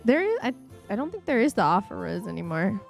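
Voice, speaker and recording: A woman hosting a gaming video, chatting casually and reacting out loud to what happens on screen. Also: mid-range voice, very animated, quick pace, vocal fry, soft background music. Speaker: gaming channel host. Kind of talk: casual let's-play commentary. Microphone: desk microphone.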